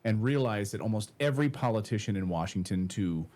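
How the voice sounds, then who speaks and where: A lower-voiced man talks as a guest on an interview show. He turns sarcastic and animated, and he restarts his sentences while he thinks. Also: a little fast. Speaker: guest co-host of another show.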